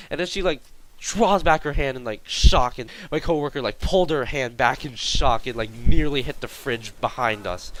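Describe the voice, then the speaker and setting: A man's voice: medium pitch, normal speed, a bit bright, low-quality recording. A young man telling a workplace story in a casual, rambling vlog style, full of fillers and exaggeration.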